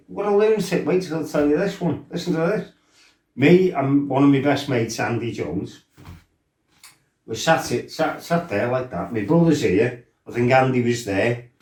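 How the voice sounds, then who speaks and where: Blunt, sweary man, roomy sound. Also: mid-range voice. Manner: animated, blunt and sweary, acts out his own shouts. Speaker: former fighter telling his life story. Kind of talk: casual storytelling interview. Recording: roomy, mic set some distance off.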